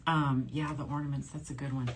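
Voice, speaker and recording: A woman's voice: a bass voice, level tone, fairly quick, breathy edge. A woman in her forties from New Orleans, a shopping channel host chatting casually on a livestream, reading viewer comments aloud and laughing often. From New Orleans, USA. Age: 40s.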